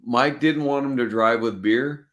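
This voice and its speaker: A man from Texas swaps stories with a friend on a casual live stream. He swears freely and breaks into laughter mid-sentence. His voice sits at an ordinary pitch for a man. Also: a little slow, a bit bright. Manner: swears a lot, laughs while telling stories. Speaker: podcast host. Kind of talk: casual storytelling chat. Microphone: video call stream.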